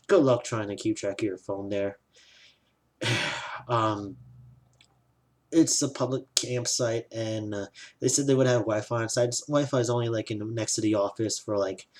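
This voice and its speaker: Man, casual review, sarcastic, griping, swears, sighs, lowish voice. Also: darkish tone. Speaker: vlogger reviewing a trip.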